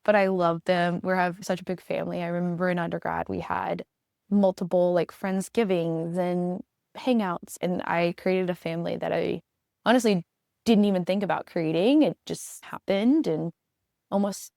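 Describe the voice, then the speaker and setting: A young woman hosts her podcast alone, talking about family in a heartfelt, earnest way. Her voice sits on the low side, with plenty of gravelly fry. The recording is close and dry, with no room sound. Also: fairly even intonation, moderate pace, a little mellow, dry recording. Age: young adult. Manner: heartfelt, earnest, emotional storytelling. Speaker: podcast host, veterinary student. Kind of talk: casual solo podcast talk.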